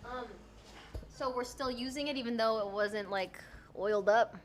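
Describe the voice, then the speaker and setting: A woman's voice: fairly high pitch, moderate pace, slight background noise. A woman streamer chatting casually and teasing friends outdoors at night. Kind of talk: casual chat.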